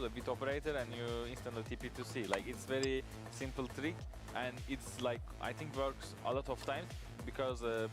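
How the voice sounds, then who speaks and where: A man analysing a match as an esports caster, halting, with many fillers and non-native grammar. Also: mid-range voice. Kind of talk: broadcast analysis commentary. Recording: broadcast feed with music behind.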